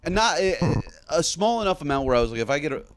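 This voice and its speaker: A young man, a podcast guest, telling a long story in a casual, animated way and laughing at his own tale. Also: on the high side, fast, a little hiss or hum.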